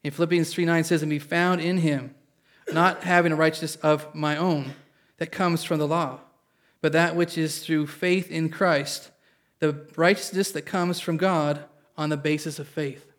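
A preaching man with a slightly high voice delivers an earnest sermon to a church congregation. He reads scripture aloud, explains it in everyday words, and keeps asking his listeners for an amen. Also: steady tone, normal speed. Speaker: pastor.

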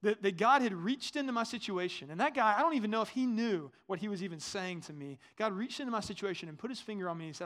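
A man's voice: sits high, lively intonation, fast, fairly bright tone. A man in his thirties preaching a sermon as a pastor, talking conversationally and asking the congregation questions.

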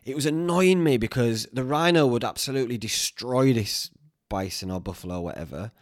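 Guy rambling on his podcast, mid-pitched, dry close sound, laughs at himself. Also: animated, a little fast, no echo. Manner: chatty, self-mocking, swears freely. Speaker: podcast host. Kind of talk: rambling casual chat.

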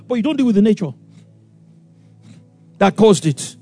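A man preaching a sermon, animated and acting out voices, with sudden loud outbursts. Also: sits high, slow pace, pauses often, dry recording, soft background music. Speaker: pastor.

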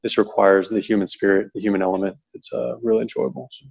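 A man's voice: lowish voice, fairly even intonation, fast, gravelly, a little mellow, husky, poor audio. A man in his thirties, a coach answering on a panel, talking earnestly and rambling with lots of fillers. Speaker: pitching coach.

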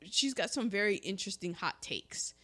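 A woman co-hosting a casual chat, recapping a story with lively energy and acting out the characters' lines. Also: mid-range voice, normal speed. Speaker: podcast co-host.

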